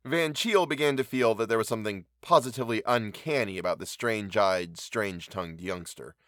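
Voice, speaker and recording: A man reading a classic short story aloud, measured and wry. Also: lowish voice, fairly bright tone, dry recording, clean studio sound. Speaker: narrator.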